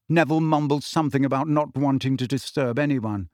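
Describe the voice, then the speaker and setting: A man reading a fantasy novel aloud in a steady, expressive storytelling manner. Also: medium pitch, a little fast, hardly any pauses, no room sound, clean studio sound. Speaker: audiobook narrator. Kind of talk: scripted fantasy novel narration.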